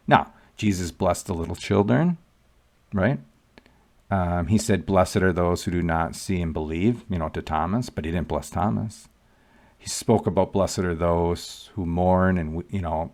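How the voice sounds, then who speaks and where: A man's voice: low-pitched, a little slow, a little mellow. A man giving casual, emphatic commentary on scripture and asking rhetorical questions. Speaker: Catholic commentator.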